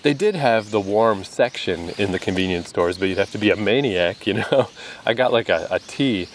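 A Canadian man records a laid-back vlog outdoors in the rain, speaking at normal speed in an animated, fairly low voice. Slight background noise is audible, and he often laughs and now and then swears.

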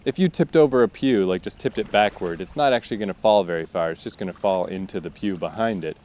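A man's voice: on the low side, quick pace, darkish tone. A man, a fiction writer, talks casually about his writing, thinking aloud and acting out his characters' lines.

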